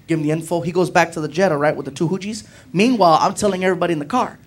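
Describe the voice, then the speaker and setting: Animated high-voiced male stand-up comic. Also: racing, hardly any pauses. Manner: animated, building to shouts. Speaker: stand-up comedian. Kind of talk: stand-up storytelling. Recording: live club with audience noise.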